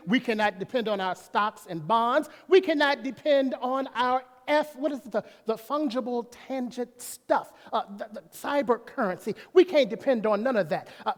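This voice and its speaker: A man preaching a sermon as pastor, folksy, breaking off to talk to himself and to the congregation. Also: sits high. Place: church sanctuary. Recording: long reverb of a church hall.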